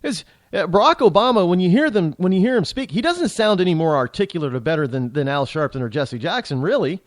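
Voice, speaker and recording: A man's voice: high voice, animated, quick pace, no room sound. A man hosting a talk radio show, delivering a rambling, indignant monologue full of restarts and rhetorical questions.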